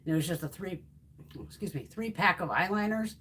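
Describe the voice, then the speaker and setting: A woman's voice: on the low side, brisk, breathy edge. A woman in her fifties chatting casually on a makeup livestream, telling stories bluntly and swearing freely. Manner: blunt, profane, animated storyteller. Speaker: beauty YouTuber. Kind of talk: casual livestream chat while swatching makeup.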